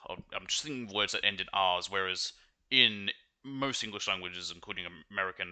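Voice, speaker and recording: A man's voice: deep voice, a little fast, pushed and bright, smooth. A man with an Australian accent, chatting casually while playing a video game on stream. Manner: chatty and rambling.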